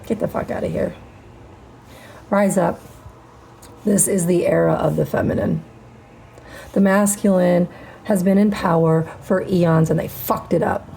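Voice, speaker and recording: Middle-aged woman, spiritual host; dark, gravelly voice, slow and defiant, swears freely. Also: on the low side, steady tone, slight background noise. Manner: defiant, profane, drawn-out emphatic phrasing. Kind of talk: spiritual monologue to camera.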